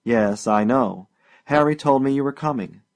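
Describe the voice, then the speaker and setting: A man voicing a calm, courteous male professor at a dinner party in an audiobook, slow and measured. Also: mid-range voice, close to an everyday voice. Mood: polite.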